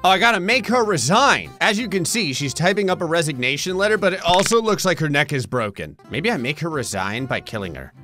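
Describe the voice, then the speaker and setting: A man giving comedic gameplay commentary, making wry jokes with sudden high-pitched outbursts. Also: sing-song, a little fast, hardly any pauses, pushed and bright, faint music behind. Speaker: gaming channel host.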